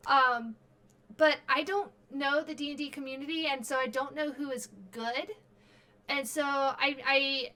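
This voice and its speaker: A woman's voice: high voice, bright, forceful tone. A very tired woman streamer wrapping up her stream in casual chat, rambling with lots of fillers and restarts.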